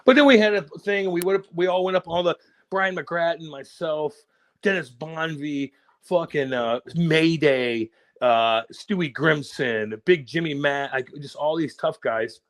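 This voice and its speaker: A man's voice: on the high side, measured pace, no echo. A man co-hosting a podcast, telling a rowdy story in casual, profane chat. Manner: profane, animated storytelling with acted quotes. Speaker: podcast co-host.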